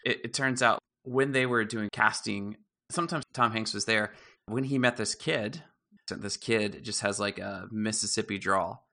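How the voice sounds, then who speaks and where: Speaking at a normal pace, this co-host has a fairly low voice with vocal fry. His casual podcast chat is full of laid-back stories and quick laughter.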